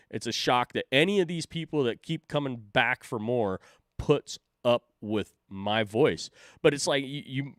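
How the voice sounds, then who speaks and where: Profane, rambling man with a lively voice. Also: medium pitch, dry recording, studio quality. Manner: rambling, profane, self-mocking, laughs often. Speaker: streamer host. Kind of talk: casual chat.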